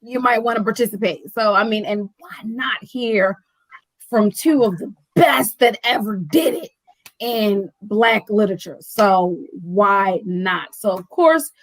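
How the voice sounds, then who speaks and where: A woman who owns a bookstore, telling a story in casual chat, animated and full of "like" and "right?". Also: mid-range voice, a little slow, dry recording, low-quality recording. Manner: animated storyteller, acting out quoted dialogue; fills speech with "like" and "right?". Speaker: bookstore owner.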